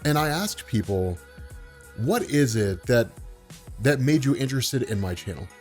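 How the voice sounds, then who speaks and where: Soft background music accompanies a man's medium-pitched, commanding voice as he vlogs to camera. He stays calm and easygoing, never hurrying, and projects from the diaphragm so his voice carries.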